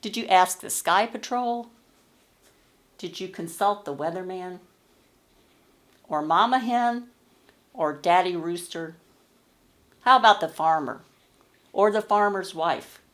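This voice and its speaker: A patient, curious fox asks a string of gentle questions, as a woman voices him. The voice is calm and a little low for a woman. It reads like a told children's story. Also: slow pace, long pauses. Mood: questioning.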